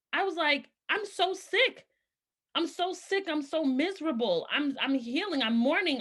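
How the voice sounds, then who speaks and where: A woman's voice: fairly high pitch, fairly bright tone. A woman in her thirties giving an earnest, emotional personal testimony. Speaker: speaker sharing her story.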